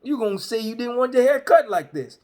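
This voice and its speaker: A comedian voicing a suspicious, grumpy old male barber who rants loudly and accusingly in casual slang. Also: extremely high pitch, expressive, fairly quick, pitched above the performer's own voice. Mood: ranting. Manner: loud, accusing, rambling rant in casual slang. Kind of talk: stand-up storytelling.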